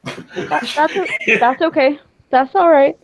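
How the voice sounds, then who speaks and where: A woman's voice: high-pitched, slow, noisy background, pitched above the performer's own voice. A woman voicing a chatty, cheerful female boggin in a tabletop role-play, with a bubbly, rambling manner. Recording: lo-fi muffled mic.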